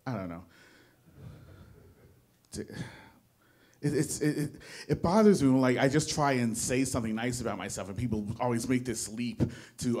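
At normal speed but pausing often, a young New Jersey comic speaks in a medium-pitched, darkish voice. His stand-up before a live audience in a small studio rambles, turns self-deprecating, and is full of restarted sentences.

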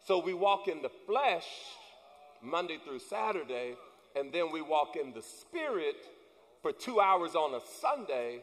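A man preaches in a church, swinging between quiet asides and shouted, rising points. His voice carries a long hall reverb as he calls out to the congregation. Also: a little high, very animated, measured pace. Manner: preaching with rising, shouted emphasis and call-and-response. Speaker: pastor. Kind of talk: sermon. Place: church sanctuary.

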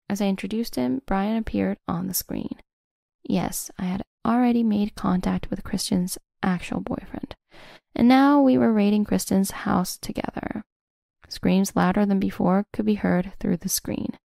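A woman in scripted first-person narration of a revenge story, smug and measured. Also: medium pitch, gravelly, dark tone, dry recording, studio quality.

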